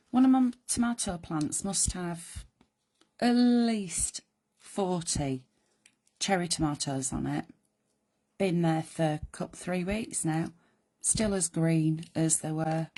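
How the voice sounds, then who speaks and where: A woman with a croaky voice hosting a live card-making demonstration, chatting in rambling asides to her viewers. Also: on the low side, takes it slowly, a little mellow. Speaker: crafting host.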